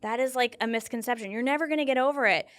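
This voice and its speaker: A woman's voice: a little high, rapid-fire. A young woman talking earnestly about grief in a casual conversation, telling stories with feeling. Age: young adult. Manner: earnest, animated storytelling with fillers. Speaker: guest.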